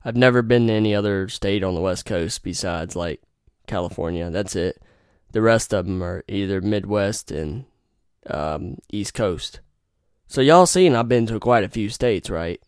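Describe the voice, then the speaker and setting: A young man rambles through a casual podcast story, cursing often and stating blunt opinions. His voice sits low and sounds smooth and resonant. The recording is dry and close, with no room sound. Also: expressive, moderate pace, a little mellow, no echo. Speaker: podcast host.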